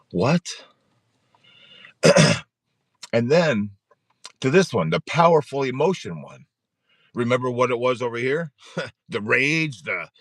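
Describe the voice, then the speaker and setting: A man's voice: medium pitch, a bit bright, no echo, studio quality. A man in his forties hosting a live-streamed support group talk, speaking earnestly and repeating his points, often chuckling.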